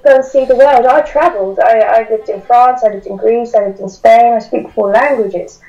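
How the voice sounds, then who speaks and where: A woman's voice: on the high side, normal speed, mellow, dull audio. A young British woman in casual political chat, blunt and emphatic. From United Kingdom. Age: young adult. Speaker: guest commentator.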